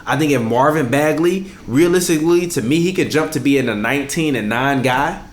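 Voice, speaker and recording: A man's voice: mid-range voice, a little fast, echoey room. A man co-hosting a casual sports podcast, arguing his point hard, talking over his partner and stumbling on names. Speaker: podcast co-host.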